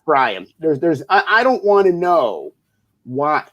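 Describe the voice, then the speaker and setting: A man's voice: on the high side, sing-song, unhurried, a bit bright. A man co-hosting a casual political talk show, blunt and emphatic, with frequent swearing. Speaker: co-host.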